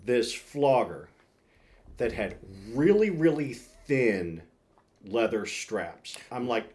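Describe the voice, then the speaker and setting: A man co-hosts a podcast in an easygoing, casual way. His pitch moves up and down a lot as he talks, which makes him sound animated. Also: slow. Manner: easygoing, chimes in with short reactions. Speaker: podcast co-host. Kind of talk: casual chat.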